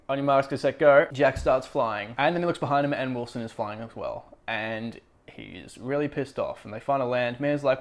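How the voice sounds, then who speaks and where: A man hosting a laid-back book review, talking at an ordinary middle pitch. He rambles through the story with plenty of fillers and restarts, and he drops dry, amused asides along the way. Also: a little fast. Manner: rambling, chatty, with frequent fillers and self-corrections. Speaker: book review show host. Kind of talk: casual spoken book review.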